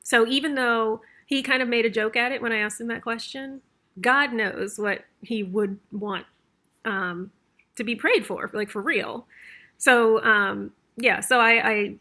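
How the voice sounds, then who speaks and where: A woman's voice: a little high, unhurried, pushed and bright. A woman vlogger telling a story in a chatty, rambling way, with many fillers and little laughs. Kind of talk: casual storytelling.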